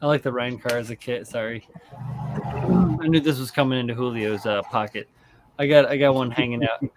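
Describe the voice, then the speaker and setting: A man's voice: medium pitch, normal speed. A man hosting a casual podcast chat, laid-back and joking, who swears freely. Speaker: host.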